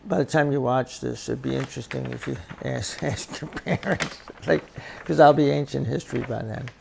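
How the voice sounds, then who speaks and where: An older man and grandfather giving life advice in a casual, reflective monologue, talking haltingly and often repeating his words. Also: mid-range voice, vocal fry, a little mellow, a little hiss or hum.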